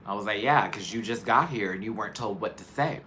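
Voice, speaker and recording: Sassy, animated male show host. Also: on the low side, fast, a little hiss or hum. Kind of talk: casual commentary.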